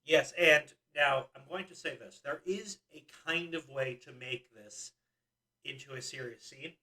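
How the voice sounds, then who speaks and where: A man's voice: on the high side, a little slow, sharp tone. A young man co-hosting a casual podcast chat, asking pointed questions and making arguments. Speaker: podcast co-host. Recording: voice a bit far from the mic.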